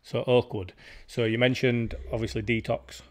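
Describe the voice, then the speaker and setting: Male podcast host, relaxed, inquisitive, casual conversation. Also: medium pitch, normal speed. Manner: relaxed, curious, laughs along.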